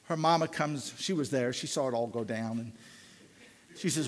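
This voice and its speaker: An older man preaching a sermon. His delivery swings from loud, fervent climbs to hushed, low pleading. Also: moderate pace, in a large hall.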